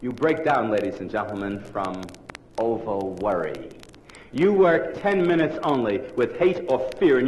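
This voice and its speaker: A man in his forties delivers a comic lecture with a theatrical flair and a lively, swooping pitch. The room sounds large and echoey. Faint hiss from an early 1960s vinyl record sits underneath. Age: 40s. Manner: theatrical, punchline-driven. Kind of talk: comic lecture to a live audience. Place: lecture hall with audience. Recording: roomy live hall on early 1960s vinyl. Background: audience laughter.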